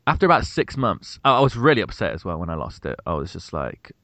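Lively low-voiced man telling stories. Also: quick pace, dry recording. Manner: animated, swearing, laughing storyteller. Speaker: podcast co-host. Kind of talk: casual storytelling chat.

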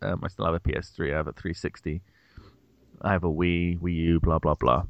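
A young man co-hosting a podcast, telling an animated, swearing story in casual chat. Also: sits low, fairly quick, creaky, no echo, highs cut off. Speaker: podcast co-host.

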